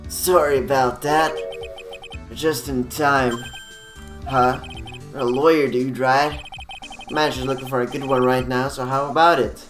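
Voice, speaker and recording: A man voicing a spacey, laid-back male TV actor who talks loudly with an airy drawl, heard from a distant mic with game music behind. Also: medium pitch, steady tone, a little slow, pauses often, reverberant, close to an everyday voice.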